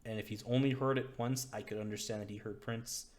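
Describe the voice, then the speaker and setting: A man voicing a calm, kindly male cult leader in a tabletop game, speaking in an easygoing, reassuring way. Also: on the low side, quick pace, lightly acted.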